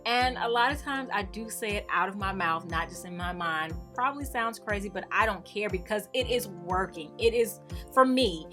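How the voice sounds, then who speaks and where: Middle-aged woman host, bright and forceful tone, faint music behind, sassy and animated delivery. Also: mid-range voice, moderate pace. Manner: animated, gets sassy and emphatic. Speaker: YouTube creator. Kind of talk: casual talk to camera.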